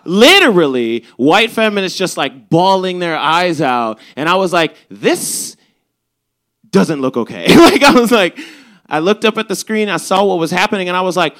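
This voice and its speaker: Animated young man telling a story live. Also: high-pitched, moderate pace. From Chicago South Side. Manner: animated, swearing, acts out quoted lines. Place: live show at a bar venue.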